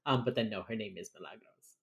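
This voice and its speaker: A tipsy man co-hosting a podcast rants with biting sarcasm, swearing freely. His voice sits low in pitch. He recaps a TV episode in loose, casual chat. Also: quick pace, creaky, fairly bright tone. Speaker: podcast co-host.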